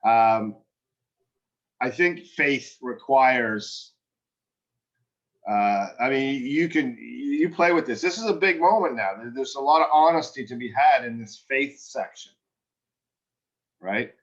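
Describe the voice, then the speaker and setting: A man coaching a student actor, frank and encouraging, his thoughts tumbling out in stops and restarts. His voice sits at an ordinary middle pitch. The recording is a little dull and lo-fi. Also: slow, long pauses, a bit bright. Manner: direct and encouraging, full of restarts. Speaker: acting coach. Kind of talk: one-on-one acting feedback.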